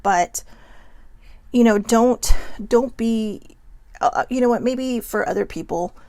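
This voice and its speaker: A woman's voice: a little high, slow pace, warm tone, no room sound. A woman hosting a casual motivational talk to camera, frank and swearing freely, with many asides to her viewers. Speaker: host.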